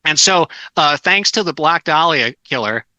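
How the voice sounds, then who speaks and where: A man's voice: a little high, animated, normal speed, pushed and bright, no echo, poor audio. A middle-aged man telling casual stories as a guest, with many restarts and fillers. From Southern California. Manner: rambling anecdotes with many restarts. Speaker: guest author. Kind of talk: casual storytelling.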